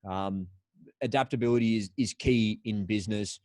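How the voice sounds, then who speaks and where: A man's voice: on the low side, moderate pace, darkish tone, dry recording. Upbeat Australian man, dry sound. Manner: upbeat, storytelling with slang. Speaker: podcast guest. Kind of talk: casual interview talk.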